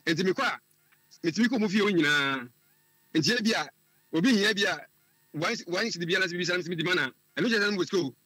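A man, calling in to tell a personal story, often halting and repeating words as he searches for what to say. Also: sits high, animated, sharp tone, slightly rough, dry recording. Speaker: caller. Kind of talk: telling a personal story on a call-in show.

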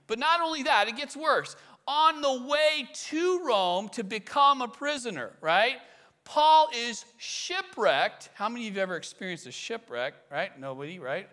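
High bright-voiced guy preaching, chatty sermon, gets loud then drops real quiet. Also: measured pace. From California Bay Area. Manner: animated storytelling, swings between loud emphasis and quiet asides. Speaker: pastor. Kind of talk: conversational sermon.

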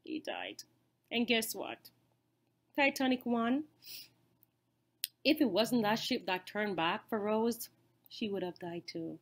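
A chatty, excitable woman with a voice a touch higher than most, talking to her channel's viewers. She loops back over her points and keeps throwing questions at the audience. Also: takes it slowly, long pauses. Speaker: YouTube vlogger. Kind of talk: casual chat to camera.

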